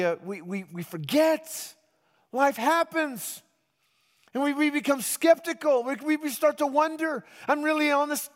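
A man preaching a sermon, conversational and repetitive, calling on the congregation to respond. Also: high voice. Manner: conversational, repeats and restarts, calls for congregation response. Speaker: pastor. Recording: reverberant hall.

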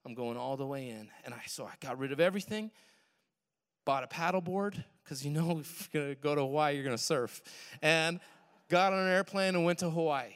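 A young man telling a personal story in a sermon, animated, swinging from loud to hushed. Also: a little high, a little fast, clear, resonant tone. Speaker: worship pastor. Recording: long hall reverb.

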